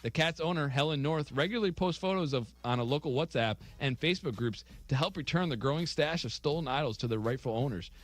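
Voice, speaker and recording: Man, radio co-host, reads quirky news items, slightly high voice, chuckles now and then. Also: expressive, fast talker, few pauses. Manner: reads stories aloud, chuckling at them. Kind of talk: reading offbeat news items on sports talk radio.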